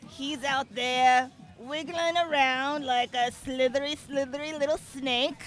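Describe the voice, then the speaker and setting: A woman's voice: sits high, steady tone, unhurried. A woman giving playful, chatty color commentary at a water-ski show. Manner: chatty, playful, self-deprecating. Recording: loud music playing behind.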